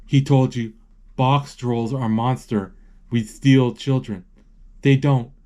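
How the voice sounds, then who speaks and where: A man reading out a young girl's earnest speech to a crowd, deliberate and pleading, in his own slow voice. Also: medium pitch, steady tone, a little mellow, natural voice.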